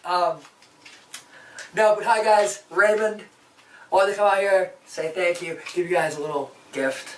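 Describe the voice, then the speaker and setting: A man's voice: a bit bright, a little hiss or hum. A man giving a casual, self-deprecating thank-you to viewers, recorded from a distance. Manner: low-key, self-deprecating. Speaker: creator and voice performer. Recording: roomy and distant from the mic.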